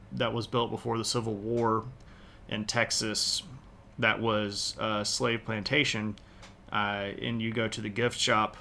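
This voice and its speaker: Rambling man with a low voice. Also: bright, forceful tone, a little hiss or hum. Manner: rambling, chatty, with many fillers and restarts. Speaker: history streamer. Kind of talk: casual livestream chat.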